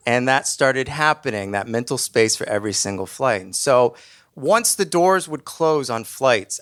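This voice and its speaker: A man telling a funny personal story on stage in a lively, self-deprecating way. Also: medium pitch.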